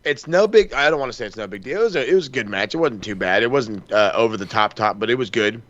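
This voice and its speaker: A man's voice: on the low side, fast, dry recording, dull audio. A man co-hosting a casual wrestling podcast, rambling and profane, acting out quoted lines as he tells it. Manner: rambling, profane, animated storytelling with quoted asides. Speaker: podcast co-host.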